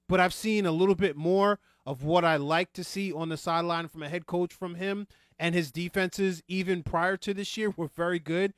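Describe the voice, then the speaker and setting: High-pitched man in a dry room. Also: no room sound. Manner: hesitant, repeats himself, many ums. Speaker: podcast co-host. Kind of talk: casual sports chat.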